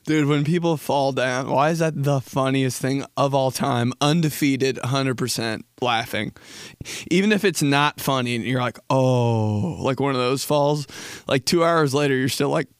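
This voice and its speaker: A man's voice: mid-range voice, measured pace, smooth, no room sound, clean studio sound. A man hosting a podcast who tells rambling comic stories in crude, casual talk and laughs often. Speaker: podcast host. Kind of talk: comedic storytelling chat.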